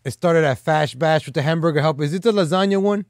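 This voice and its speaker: Rambling, slightly high-voiced male streamer. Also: fast, no echo, studio quality. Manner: loose, with frequent "like" and "man" fillers; teasing and boastful. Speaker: live stream host. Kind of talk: casual rambling commentary.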